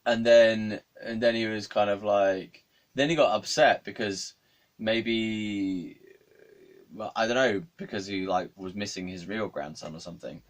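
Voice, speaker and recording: Rambling man telling a story, low voice. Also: steady tone, a little slow. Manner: rambling, many fillers and restarts. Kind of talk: casual storytelling monologue.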